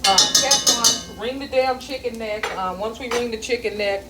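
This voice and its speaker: A woman's voice: a little high, steady tone, moderate pace, very noisy. A middle-aged woman chatting casually while she cooks at home, earthy and a little profane, drifting into stories. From American South. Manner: chatty, earthy and profane, with folksy grammar and storytelling tangents. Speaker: home cook vlogger. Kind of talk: casual cooking vlog chat. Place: home kitchen. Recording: echoey kitchen, mic at a distance, sizzling pan.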